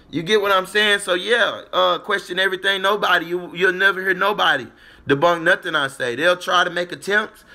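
A man with a high-sitting, sharp voice hosts a casual livestream. He rambles through a monologue and talks to his chat, repeating "you get what I'm saying" again and again.

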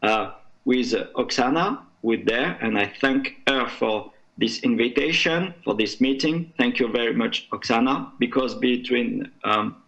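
A man from France with a French accent, speaking as a conference panelist in halting English, searching for words. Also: medium pitch, creaky, fairly bright tone, poor audio. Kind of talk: panel discussion remarks.

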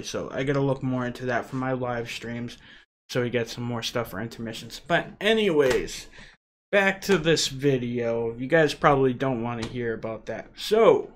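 A man's voice: medium pitch, a bit bright. Chatty man hosting an unboxing vlog. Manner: chatty and rambling, many "uh" fillers. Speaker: channel host.

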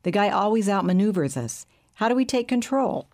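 A woman's voice: mid-range voice, animated, brisk, a little mellow, pitched above the performer's own voice, lightly acted. A woman reading the lines of a stocky male banker who quips wryly. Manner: wry, quipping.

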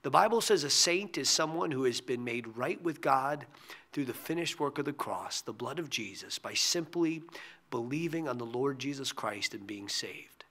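Gravelly, bright-toned male pastor. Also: mid-range voice, animated, normal speed. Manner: earnest, drops to a hushed near-whisper on key phrases. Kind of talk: short devotional sermon.

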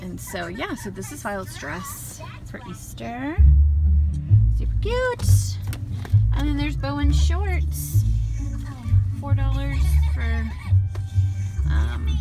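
A young mother, playfully coaxing her toddler to say words in a casual home vlog. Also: high-pitched. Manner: sing-song baby talk, playful and coaxing. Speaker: vlogger, mother.

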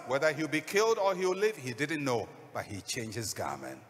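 A man's voice: medium pitch, big pitch swings, normal speed, hardly any pauses, fairly bright tone, big-room sound. A man preaching a sermon as a pastor, telling a story dramatically and acting out the voices.

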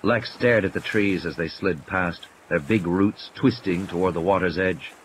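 A man narrating an audiobook in a measured, expressive way. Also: low voice, slight background noise.

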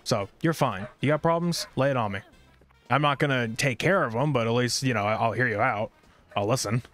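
A man's voice: medium pitch, brisk, a bit bright, soft background music. A man streaming a video game, grumbling and swearing in a rambling, irritable running commentary. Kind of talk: casual gameplay streaming commentary.

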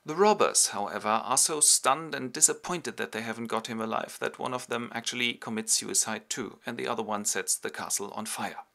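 A man's voice: medium pitch, fairly quick, vocal fry, few pauses. A man, hosting a playful comic retelling of a play with toy figures. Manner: playful, animated. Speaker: host.

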